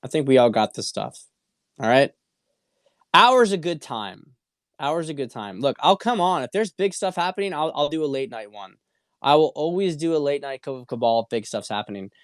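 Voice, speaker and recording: A man's voice: mid-range voice, animated, a little fast, clean tone, dry recording, clean studio sound. A man hosting a casual livestream, answering viewer questions in a blunt, profane way and often repeating himself. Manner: blunt and profane, with frequent repetition and restarts. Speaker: show host.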